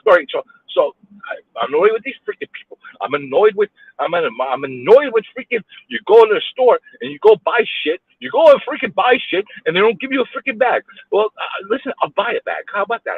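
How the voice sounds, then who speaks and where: A man's voice: high-pitched, sing-song, fast, slightly rough, no room sound. A man ranting alone in his car while stuck in traffic, exasperated and repeating himself as he swears. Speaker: vlogger ranting while driving. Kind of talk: angry live-streamed rant. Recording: tinny phone-like audio.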